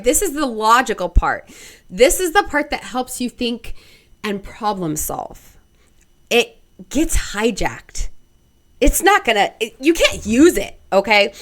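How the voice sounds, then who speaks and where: Swearing freely and speaking bluntly, a young podcast host delivers a casual solo monologue with lots of expression. Her voice is a little high and fairly bright, and she acts out inner voices.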